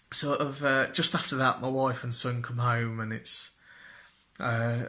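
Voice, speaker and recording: Young guy, slow and bright, self-mocking storyteller, vlog. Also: mid-range voice. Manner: self-deprecating, jokey, acts out quotes in raised voices. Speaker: vlogger. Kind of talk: personal storytelling to camera.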